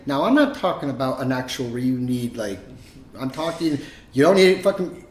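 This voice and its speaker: A man co-hosting a podcast in casual chat, telling rambling, profane, animated stories. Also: medium pitch, fairly quick. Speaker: podcast co-host. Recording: roomy echo.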